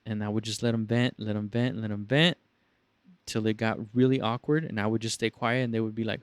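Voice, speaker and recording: Give me a young man telling a profane, animated podcast story, recorded dry and close. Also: on the low side, brisk, clear, resonant tone, no echo. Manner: profane, animated, acts out callers in raised voices. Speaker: podcast host. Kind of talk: casual storytelling chat.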